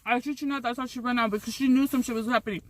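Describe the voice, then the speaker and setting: A woman's voice: fairly high pitch, fairly even intonation, racing, noisy background. A woman vlogger telling a story while eating on camera, rambling with many restarts and swearing freely.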